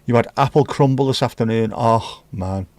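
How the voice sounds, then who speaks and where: A man at home reads his livestream chat aloud and replies with cheeky, casual remarks. His mid-range, darkish voice moves at normal speed, and there's no room sound.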